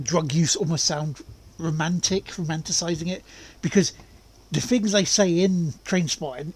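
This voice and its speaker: A man's voice: fairly high pitch, slight background noise. A man streaming a racing game in casual, rambling chat, often laughing and greeting viewers. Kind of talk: casual gaming livestream chat.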